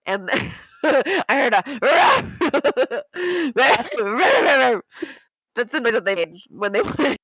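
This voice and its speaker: A young woman co-hosting a podcast, telling a story in casual chat, animated, laughing often and acting out quotes in high voices. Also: moderate pace, dry recording. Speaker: podcast co-host.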